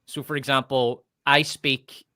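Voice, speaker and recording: Casting: northern Irish man, blunt and profane, forceful bright voice, dry close sound. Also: mid-range voice, little pitch movement, a little slow, no room sound. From north of Ireland. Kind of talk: casual opinionated chat.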